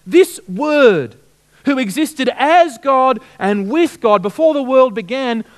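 A man preaching from the pulpit, his voice sitting high and swinging widely in pitch. He works as a storyteller, pausing to put questions straight to the congregation. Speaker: pastor. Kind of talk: sermon.

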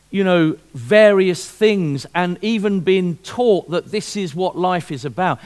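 A man preaching with a high, lively voice that swoops up and down as he tells a story. He slips into voices for the people in his tale, then presses his point with urgency. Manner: storytelling, animated, puts on voices for shop owner. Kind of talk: sermon with a told joke.

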